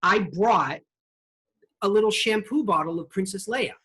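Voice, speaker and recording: A woman hosting an online show, telling a story in an animated, chatty way. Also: medium pitch, unhurried, poor audio. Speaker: host. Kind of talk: casual storytelling.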